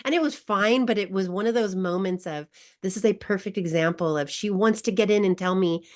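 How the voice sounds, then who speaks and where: A woman's voice: medium pitch, brisk, a little mellow. A woman guest coach who tells a personal story in an online wellness class, emotional and laughing often. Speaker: grief recovery guest coach.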